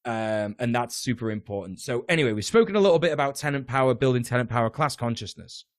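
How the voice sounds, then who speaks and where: A man's voice: mid-range voice, animated, fast talker, no echo. Chatty British man, dry sound. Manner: rambling, many fillers and restarts, swears. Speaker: podcast guest, tenants union organizer. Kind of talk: casual political chat.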